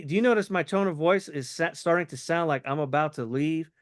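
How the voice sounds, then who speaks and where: A man's voice: a little high, brisk, hardly any pauses, no room sound, clean studio sound. A man coaching someone on sales in a casual conversation, acting out both sides of a call to show how each line should sound.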